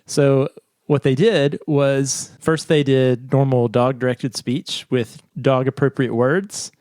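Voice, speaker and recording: A man in casual podcast chat, walking through a study with easy laughs. His pitch sits in the middle, and his voice sounds dry and close to the mic. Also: little pitch movement, slow pace, darkish tone, no room sound. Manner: chatty, laughs often, reads scripts aloud. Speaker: podcast co-host.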